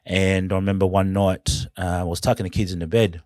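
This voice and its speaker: An Australian man, a podcast guest, telling his personal story in an earnest, halting, emotional way. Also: low-pitched, little pitch movement, darkish tone, dry recording, studio quality, soft background music.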